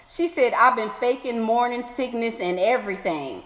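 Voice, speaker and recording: Woman, sassy advice vlogger, high voice, echoey room with long ringing reverb. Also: expressive. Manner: sassy, exclaiming, playful drawn-out asides. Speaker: advice vlogger reading letters. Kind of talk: animated advice commentary.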